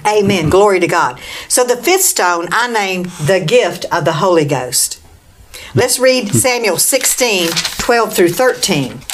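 A woman's voice: medium pitch, animated, measured pace, a little hiss or hum. A woman preaching a Bible lesson, reading scripture aloud and calling "Amen?" to her listeners. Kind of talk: bible teaching talk.

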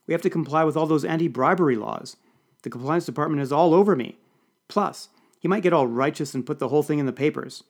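A man voicing a brash, crude oil lobbyist who talks loudly and bluntly. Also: on the high side, fast talker, pitched above the performer's own voice. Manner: loud, smirking, blunt.

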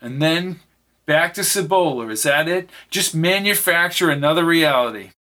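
A man's voice: a little high, lively intonation, moderate pace, bright, forceful tone, pitched above the performer's own voice. A man voicing a beaten, desperate family man who pleads and defies his captors in an audiobook reading. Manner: pleading, defiant.

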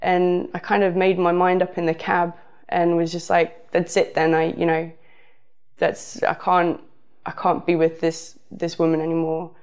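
A woman's voice: on the low side, monotone, unhurried, a little mellow, smooth. A woman with a southern English accent telling a casual personal story, rambling with frequent fillers. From southern England.

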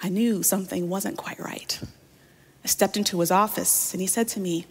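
A woman's voice: fairly low pitch, fairly even intonation, moderate pace, breathy edge. Woman pastor preaching in a reverberant hall. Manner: storytelling preacher, addresses listeners directly. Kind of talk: sermon.

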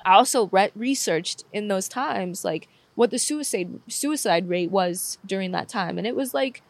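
A woman's voice: mid-range voice, expressive, a little slow, gravelly. Candid young woman near tears. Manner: candid, swears often, says "like" a lot. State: close to tears. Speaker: podcast guest. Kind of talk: emotional personal storytelling.

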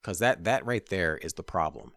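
Man, very low voice, blunt, profane, casual talk, dry recording. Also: sing-song, normal speed, fairly bright tone, no echo. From Minneapolis area. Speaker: podcast co-host. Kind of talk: casual political chat.

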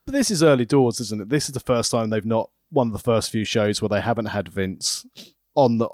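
A man's voice: on the low side, a little fast, a little mellow, dry recording, clean studio sound. A man co-hosting a podcast in casual chat, playful and talkative. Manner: chatty, playful, slips into mock-theatrical voices. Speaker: podcast co-host.

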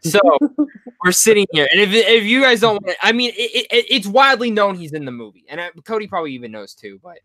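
Excitable young man with a dry close mic. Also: sits high, fast talker, no echo. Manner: animated storyteller, stammers and restarts. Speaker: podcast host. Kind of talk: casual movie podcast chat.

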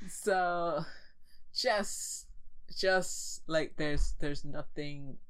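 A woman's voice: deep voice, very slow, smooth, low-quality recording. A woman casually recapping a TV show, telling it with lots of fillers and acting out the characters' lines. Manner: animated storytelling with many fillers, acting out quotes. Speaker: podcast co-host recapping a show. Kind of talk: casual chat.

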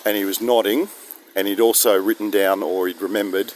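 A man's voice: lowish voice, steady tone, a little fast, slight background noise. An Australian man telling a rambling, self-deprecating story outdoors, recorded on a phone. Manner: chatty, self-deprecating, digressive. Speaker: vlogger. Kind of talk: rambling casual monologue. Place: outdoors in misty rain.

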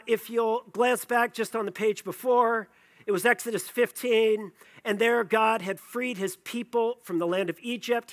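A man's voice: high-pitched, fairly bright tone. A male pastor preaching a sermon, conversational and playful, joking with the congregation between scripture readings.

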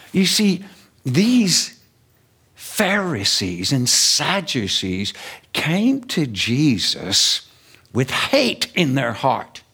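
A man preaching a sermon in an animated, emphatic way, stretching key words out slowly for weight. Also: on the high side, slightly rough.

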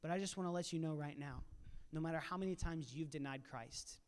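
Guy telling a bible story on a church panel, kinda high voice, big echo from the hall. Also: brisk, smooth. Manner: animated storytelling, acts out quoted lines. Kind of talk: conversational preaching. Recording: live in a reverberant church hall.

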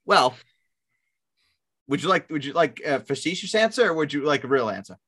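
A husky-voiced man co-hosts a sports podcast at a moderate pace. He's sarcastic and rambling, swears freely, and jumps around lively in pitch during casual chat.

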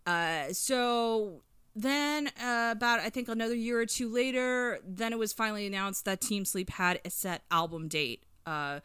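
A woman's voice: on the high side, normal speed, sharp tone, clear, resonant tone, no echo, studio quality. A woman in her thirties casually chatting on a podcast about music, rambling with lots of fillers and eager storytelling. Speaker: podcast co-host reviewing an album.

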